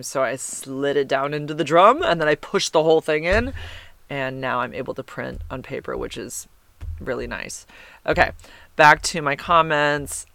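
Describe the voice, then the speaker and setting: A woman's voice: low-pitched, moderate pace, a bit bright, dry recording. A woman hosting a podcast, reading listener comments in a rambling, chatty way and correcting herself as she goes. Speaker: podcast host.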